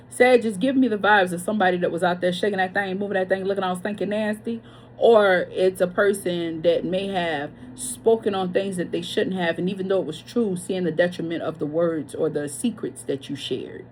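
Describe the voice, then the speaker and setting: A woman's voice: fairly low pitch, a little mellow, a little hiss or hum. A woman giving a casual tarot reading, chatty and blunt, swearing freely and wandering off on tangents. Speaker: tarot reader.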